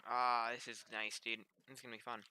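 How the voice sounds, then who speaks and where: Chatty young man with a crisp, bright voice. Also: medium pitch, flat delivery, brisk. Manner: rambling, chatty, thinks out loud. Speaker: streamer. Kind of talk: casual gaming chat.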